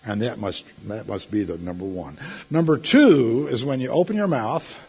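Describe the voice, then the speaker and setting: A middle-aged male pastor delivering a sermon, telling stories and breaking into sudden loud outbursts. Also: mid-range voice, lively intonation, normal speed, slightly rough.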